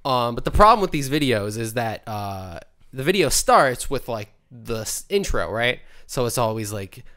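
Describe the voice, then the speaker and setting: A man's voice: medium pitch, normal speed. Casual young man co-hosting a podcast. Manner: swearing, animated storytelling. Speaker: podcast co-host. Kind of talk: casual chat.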